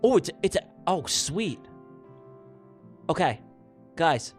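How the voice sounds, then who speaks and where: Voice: mid-range voice, very animated, slow, pauses often, soft background music. A livestream host giving playful race commentary during a giveaway, teasing winners with silly nicknames.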